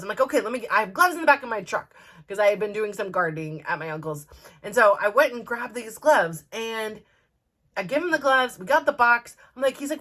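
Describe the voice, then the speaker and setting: Animated storytelling woman. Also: a little high, brisk. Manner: animated, acts out voices, many fillers. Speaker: podcast host. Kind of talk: casual storytelling.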